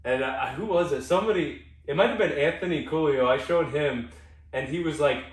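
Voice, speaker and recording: A young man, a podcast co-host, rambles through a casual storytelling chat, interrupting himself and swearing freely in a fairly high, slightly fast voice. The room is echoey, with a roomy sound from a distant mic.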